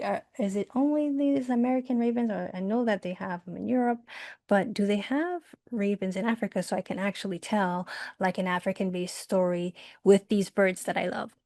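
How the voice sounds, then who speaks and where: A woman's voice: mid-range voice, mellow, no echo. A woman teaching an online art workshop in a chatty, upbeat way, laughing often and using many fillers. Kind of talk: casual online workshop lesson.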